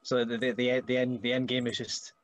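A man's voice: medium pitch, level tone, brisk, dry recording. Young scottish guy, wrestler, casual podcast chat, jokey, dry close mic. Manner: joking, does mocking voices of relatives. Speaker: wrestler guest.

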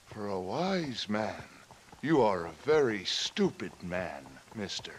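A solemn, deep-voiced elder. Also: male voice, very animated, slight background noise. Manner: solemn, measured. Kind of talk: video game dialogue.

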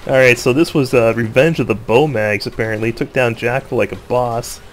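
A man casually commenting on his own gameplay, laughing often, joking and excitable, with faint noise behind him. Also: medium pitch, moderate pace.

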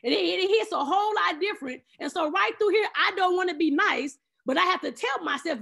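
High, lively woman sharing faith talk. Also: fairly quick, gravelly, few pauses. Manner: lively, preachy, laughs often, acts out her own thoughts. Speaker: speaker at an online faith round table. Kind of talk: casual devotional talk. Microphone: video call.

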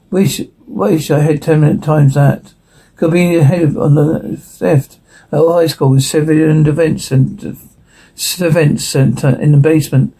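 Gravelly husky man reading a script. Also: fairly high pitch, mellow, poor audio. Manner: plain read-through with stumbles and restarts, little voice change between characters. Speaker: radio show host reading a screenplay. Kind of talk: reading a TV script aloud, sound cues included.

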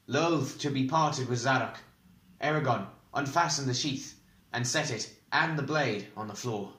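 A man narrating a fantasy audiobook chapter in a measured, even reading. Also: medium pitch, echoey room.

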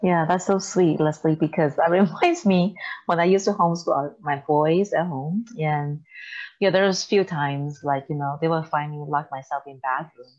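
A woman's voice: low voice, steady tone, moderate pace, a little mellow, muffled recording. A woman co-hosting a church talk show, telling stories with laughter and acted quotes. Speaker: podcast co-host. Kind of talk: casual chat.

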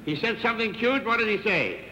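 An older comedian doing a stand-up telephone monologue with dry wisecracks and one-sided phone chatter on a large theater stage. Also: male voice, sits high, animated, fairly quick. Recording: echoey theater, dull 1960s TV sound with hiss.

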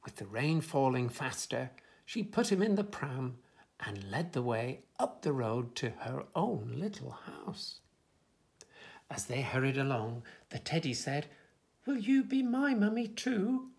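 A man reading a children's picture book aloud in a gentle, expressive way. His voice is slow and gravelly, swinging widely in pitch as he tells the story.

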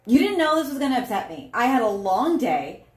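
A woman playing an angry, hostile partner who shouts, swears and turns every complaint back with sarcasm. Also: fairly high pitch, sing-song, brisk, pitched above the performer's own voice. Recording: roomy echo.

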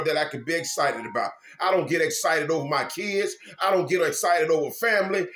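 A man, a minister, preaching an informal sermon with fervent, repetitive phrasing and sudden loud bursts. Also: a little high, reverberant.

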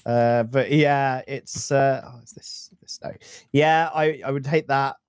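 A man's voice: medium pitch, unhurried, smooth, dry recording, clean studio sound. A man co-hosting a modded game let's play, chatting casually and laughing often. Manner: animated, laughing often, playful. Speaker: co-host of a gaming channel. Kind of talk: casual gameplay chat.

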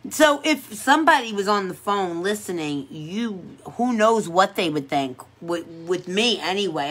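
A woman's voice: medium pitch, lively intonation, normal speed, hardly any pauses, a bit bright. A woman who works as a pedicure technician, chatting casually on a livestream in a sassy, playful way and laughing often.

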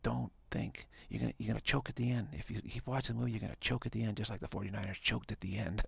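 A man's voice: on the low side, fairly even intonation, fast, vocal fry, a bit bright, slightly rough, no echo. A man giving a live-streamed spiritual talk as a teacher, emphatic and repetitive, often dropping into whispers.

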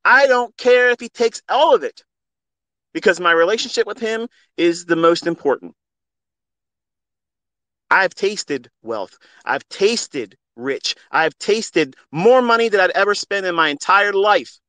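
A man's voice: high-pitched, expressive, a little slow, sharp tone, no room sound. Give me a passionate middle-aged man speaking bluntly into a phone, dry and close. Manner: passionate, preachy, blunt with swearing. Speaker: trading mentor hosting a live audio space. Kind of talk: unscripted heartfelt monologue.

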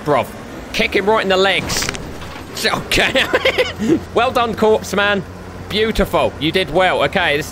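A young man doing lively gameplay commentary, trash-talking with slang and laughing often. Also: a little high, noisy background. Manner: rowdy, jokey trash-talk with slang and frequent laughter. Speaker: gaming YouTuber.

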